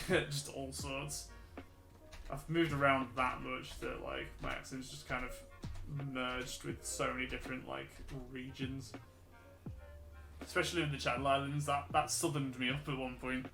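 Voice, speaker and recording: Chatty British man, bright voice. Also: mid-range voice, little pitch movement, unhurried, vocal fry. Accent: mixed English, Midlands and Scouse. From Britain. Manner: chatty, loose, laughs easily. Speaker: streamer. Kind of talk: casual chat while drawing on stream. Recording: roomy echo, faint music.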